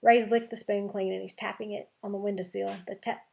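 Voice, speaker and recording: A woman teacher reading a chapter book aloud to her class, with clear, expressive storytelling. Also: mid-range voice, brisk.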